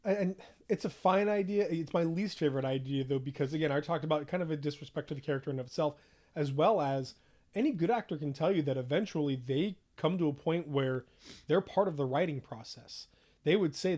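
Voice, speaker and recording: A man co-hosting a casual podcast, who weighs both sides in a measured way before disagreeing. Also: on the high side, a little mellow. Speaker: podcast co-host.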